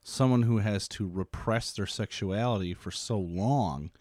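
A lower-voiced man hosts a relaxed podcast chat. He mostly nods along with short replies and drops the odd dry joke. His voice sits close and dry on the mic. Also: a little slow, dry recording. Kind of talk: casual chat.

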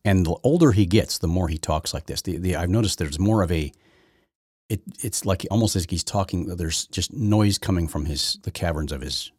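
A man's voice: sits low, moderate pace, a little mellow, slightly rough, no room sound, clean studio sound. A male podcast host giving rambling, sarcastic political commentary and often repeating his words.

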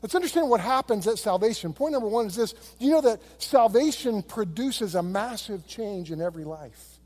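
Middle-aged male pastor, high and mellow voice, chatty storytelling sermon, hall reverb. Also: expressive, a little fast. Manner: conversational storytelling preaching. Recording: long reverb of a large hall.

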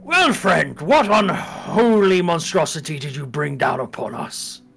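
A cautious, commanding knight, as a man plays him in a tabletop role-play. The voice has a gravelly edge and formal, suspicious questioning. Faint music sits behind it. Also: on the high side, animated, unhurried, fairly bright tone, heavily acted. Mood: stern.

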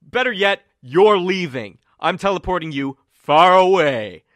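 A man voicing an alarmed, commanding man who shouts orders and questions. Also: high voice, animated, unhurried, no room sound, voice pushed up. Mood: shouting, alarmed.

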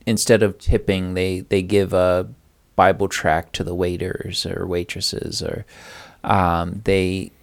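Deep-voiced man sharing a devotional reflection. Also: level tone, slow pace, vocal fry. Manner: earnest, conversational, reads passage aloud. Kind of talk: Bible study discussion.

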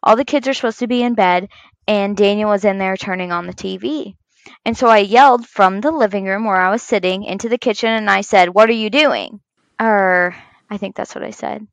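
A woman in her thirties co-hosting a casual chat podcast, telling animated stories about her kids and swearing freely. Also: medium pitch, brisk, creaky, no echo, poor audio. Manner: swears a lot, animated storytelling. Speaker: podcast co-host.

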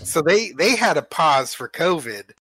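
A man with a somewhat high voice chats quickly and loosely as a podcast co-host, swearing casually and restarting his sentences. The recording is close and dry. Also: big pitch swings, pushed and bright, slightly rough, no echo. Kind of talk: casual chat.

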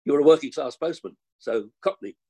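A man's voice: on the high side, lively intonation, a little fast, a little mellow, husky. An older man, chatting as an actor guest and telling rambling anecdotes. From London. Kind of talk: casual interview chat.

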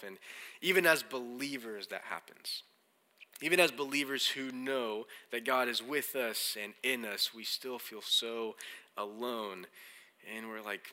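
A man preaching a sermon as a pastor, telling a lively story and acting out his friends' lines, then reading scripture slowly. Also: mid-range voice. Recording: long hall reverb.

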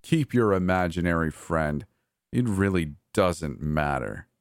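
A manic, cruel brother, put on by a man reading a horror story, taunting and mocking with wildly swinging pitch. His voice is dry and close. He lurches between cold sneers and yelling. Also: expressive, measured pace, vocal fry, no room sound, full character voice.

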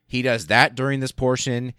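A male podcast host telling a history story casually, in an excitable, profane way full of fillers and restarts. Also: mid-range voice, moderate pace, clean tone, dry recording, clean studio sound.

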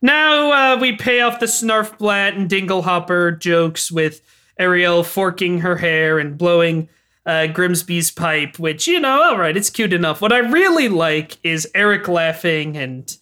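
Wry, bright-voiced woman podcaster. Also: on the low side, measured pace. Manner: wry, animated, laughs often. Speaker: podcast co-host. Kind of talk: casual movie recap chat.

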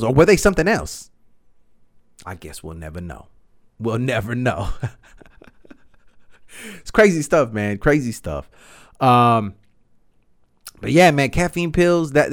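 Rambling man telling a podcast story. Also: medium pitch. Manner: rambling, animated, swears freely, says "man" and "you know" a lot. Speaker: podcast host. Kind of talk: casual storytelling monologue.

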